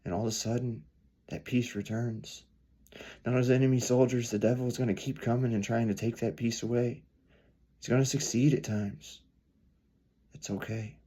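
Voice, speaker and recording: A man preaching a storytelling sermon, earnest, swelling louder then dropping soft. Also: mid-range voice, fairly even intonation, normal speed, pauses often, husky.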